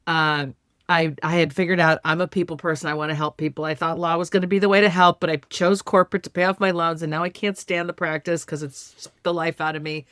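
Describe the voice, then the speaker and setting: A woman's voice: sits low, steady tone, fast, fairly bright tone, smooth, no echo, clean studio sound. A middle-aged woman speaking as a podcast guest, earnest and heartfelt, with emphatic conversational delivery. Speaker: author and educator, podcast guest. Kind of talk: casual conversational interview.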